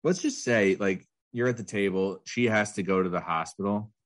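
A podcast co-host chats casually, laughing often and rambling through stories with restarts. His voice is lowish and his pace moderate.

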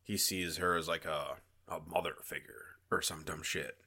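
A low-pitched man co-hosts a podcast, speaking at normal speed with a steady tone and a pushed, bright, slightly rough voice. His casual chat rambles, he swears freely, and he mimics his friend.

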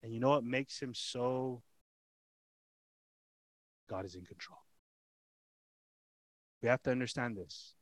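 A pastor preaching with animated storytelling, firing off rhetorical questions and repeating his points for weight. His voice sits at an ordinary man's pitch. The sound is dry and close, with no room echo. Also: takes it slowly, pauses often. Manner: repeats lines for emphasis. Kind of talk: expository sermon.

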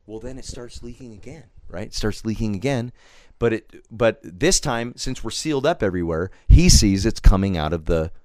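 A man's voice: on the low side, normal speed, no room sound. A man telling a story in casual studio chat, swearing freely and acting out his own quotes. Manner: profane, animated storyteller who acts out his own quotes. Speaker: podcast guest.

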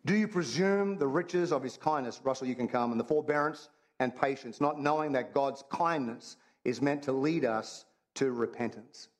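A man's voice: mid-range voice, normal speed, few pauses. A man preaching a sermon, talking in a conversational, humorous way and repeating his phrases for emphasis. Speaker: pastor.

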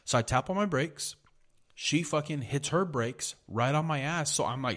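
A man's voice: a little high, lively intonation, normal speed, a bit bright. A man hosting a podcast, telling a heated, profanity-filled story in a casual rant. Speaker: podcast host.

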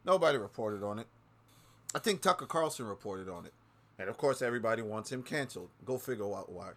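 A man's voice: expressive, fast. A man hosting his own show, ranting angrily with constant swearing and repeating lines for emphasis. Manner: swings between low mutters and loud outbursts. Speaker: podcast host. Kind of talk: profane political rant.

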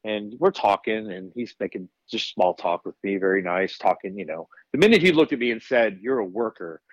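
Fairly low-pitched and brisk, a man guesting on a podcast spins casual stories with candor, profanity, and plenty of animation; he's a wrestler. There's no room sound, and the highs are cut off.

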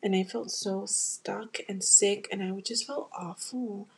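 Slow, creaky and husky, with a steady tone at medium pitch, this young American woman hosts a podcast. Candid and emotional, she tells listeners a personal story directly, in the style of casual confessional storytelling.

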